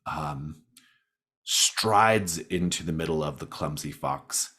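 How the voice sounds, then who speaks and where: A man's voice: very deep voice, slow pace, sharp tone, slightly rough. A man narrating as game master in a playful, hesitant way. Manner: hesitant, playful, many restarts.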